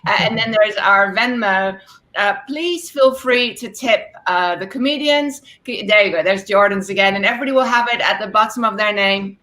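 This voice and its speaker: A woman's voice: medium pitch, normal speed, sharp tone. A woman hosting an online comedy show over a video call, chatty and laughing between lines.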